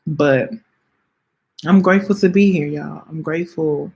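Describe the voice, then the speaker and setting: A woman in her late twenties hosting a podcast, speaking in a heartfelt, halting way, close to tears, often repeating her phrases and talking straight to her listeners. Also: low voice, gravelly, darkish tone, husky. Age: late 20s. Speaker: podcast host. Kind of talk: heartfelt personal reflection.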